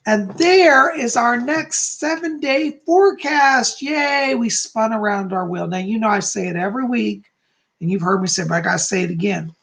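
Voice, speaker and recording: This man hosts a live astrology stream, reading viewer comments aloud in a chatty, encouraging way. His voice is high, creaky, and fairly bright, and his pace speeds up and slows down as he laughs at himself and gets easily sidetracked.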